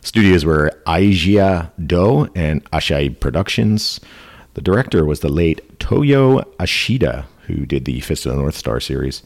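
A man hosting a casual podcast, joking around and reading notes in quick bursts. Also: very deep voice, expressive. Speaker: podcast host.

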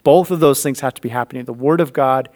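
A man's voice: mid-range voice, fast. A man in his thirties telling a family story in a faith conversation, acting out the voices in it. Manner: animated storyteller acting out dialogue.

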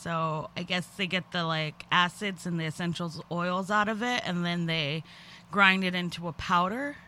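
A man's voice: sits high, fairly even intonation, normal speed, bright, forceful tone, a little hiss or hum. A man co-hosting a podcast, joking crudely and describing beers in casual chat. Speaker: podcast co-host.

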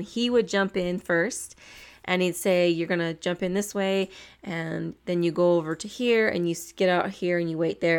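A young woman telling a personal travel story in a chatty, animated way, full of fillers and restarts. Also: on the low side, clean tone.

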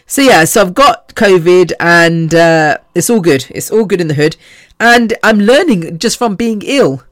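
A woman's voice: fairly low pitch, expressive, measured pace, no room sound, clean studio sound. A woman in her fifties hosting a podcast, talking in a rambling, chatty way, swearing freely and laughing between sentences. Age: 50s. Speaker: podcast host. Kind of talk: casual podcast monologue.

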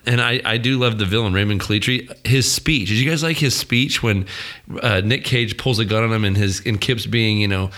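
Casting: man, lowish voice with a bright edge, rambling podcast chat. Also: fairly quick. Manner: rambling, frequent restarts and fillers. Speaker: podcast co-host. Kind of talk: casual movie review chat.

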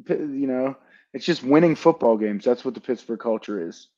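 A man's voice: mid-range voice, normal speed, dark tone, highs cut off. A man co-hosting a casual podcast chat, teasing his teammates. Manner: joking, teasing banter. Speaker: podcast co-host, football player.

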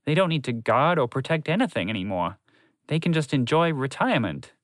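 A man's voice: medium pitch, sing-song, brisk, dry recording, close to an everyday voice. A man voicing a cheerful, encouraging old grey male horse in a storybook reading. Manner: eager, upbeat coaxing.

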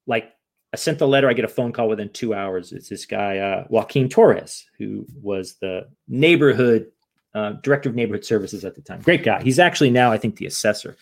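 Animated man telling a story. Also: fairly low pitch, brisk, creaky. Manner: animated, acts out quoted voices; fillers and tag questions. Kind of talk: casual storytelling.

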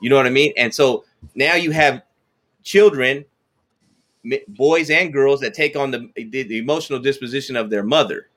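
A man in the middle of the usual pitch range talks as a guest on a podcast. He loops back over words as he gathers his thoughts, telling stories in a relaxed way. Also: normal speed. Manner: stammering repetitions, conversational storytelling. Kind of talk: casual podcast chat.

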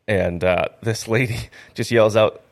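A man's voice: fairly low pitch, fairly even intonation, unhurried. A young man from North Dakota, a stand-up comedian, telling rambling stories full of "like" in a casual radio studio interview. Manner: rambling storyteller, heavy on "like".

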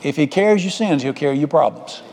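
A pastor preaches in a folksy, conversational manner, circling back to repeat his phrases. His voice sits high for a man but has a soft, mellow color. The sound carries a long reverb from the church hall. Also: expressive, fast, gravelly. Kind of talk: sermon.

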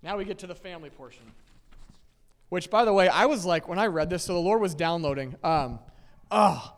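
Guy preaching in a church, high voice, lots of "okay?" and "right?", long hall echo. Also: fairly quick. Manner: conversational, many "okay?" and "right?" checks; laughs lightly between points. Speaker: pastor. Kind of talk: sermon. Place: church sanctuary with long reverb.

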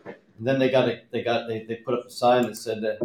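A man's voice: medium pitch, level tone, a little fast, a little mellow, slight background noise. A man telling plainspoken stories from his working years in casual podcast chat. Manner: plainspoken, tells stories with quoted dialogue. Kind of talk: casual storytelling. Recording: roomy echo.

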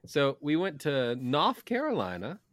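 A man's voice: a little high, wildly swooping pitch, measured pace, a bit bright. A man, a laid-back podcast co-host telling a story in casual chat and swearing freely.

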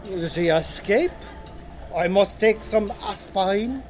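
A woman's voice: mid-range voice, slow, a little mellow, pitched below the performer's own voice, natural voice. A woman reading an audiobook, voicing a haughty, weary male museum curator with a put-on French accent.

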